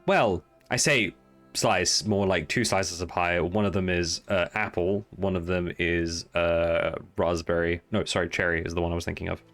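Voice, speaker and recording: A man narrating as game master for a tabletop game, relaxed and full of fillers. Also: low voice. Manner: relaxed, with filler-heavy asides.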